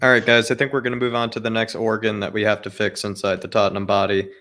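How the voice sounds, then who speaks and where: A man hosting a casual football podcast, posing questions in a steady, methodical way. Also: lowish voice, quick pace. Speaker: show host asking questions.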